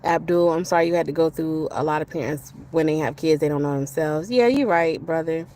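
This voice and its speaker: A young woman hosts a casual livestream outdoors while walking, her voice low, fairly quick and a little mellow over slight background noise. She chats in a laid-back, slangy way, laughs often, reads viewer comments and talks while she eats.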